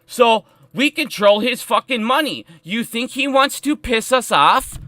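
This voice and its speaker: Male live streamer, fired-up and swearing constantly, with a forceful voice in a dry room. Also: very high-pitched, expressive, unhurried, dry recording. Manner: heated, profane and emphatic. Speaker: stock market live streamer.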